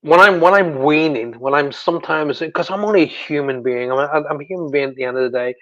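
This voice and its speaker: Emotional man telling a halting story. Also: fairly high pitch, fairly bright tone, lo-fi sound. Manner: halting storytelling with many restarts. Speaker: guest, psychic medium. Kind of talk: personal story in a talk-show interview.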